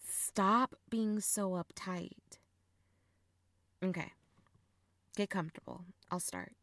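A woman's voice: mid-range voice, a bit bright, dry recording, heavily acted. A young woman playing a blunt, teasing older sister in an audio role-play, swearing freely and laughing often. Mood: playful.

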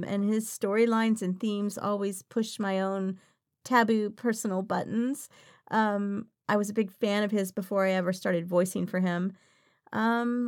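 A woman voice actress answering interview questions in a frank, playful way, often laughing. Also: a little high.

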